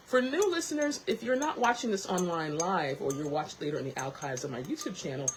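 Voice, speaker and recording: A woman hosting her own tea talk show, chatting casually to camera, lively and quick to laugh. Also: on the low side, a little hiss or hum, low-quality recording.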